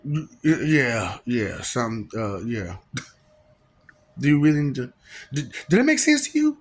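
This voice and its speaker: A man's voice: medium pitch, very animated, measured pace. A man rambling through a comic monologue, teasing with rhetorical questions, repeating phrases and laughing between lines. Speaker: vlogger.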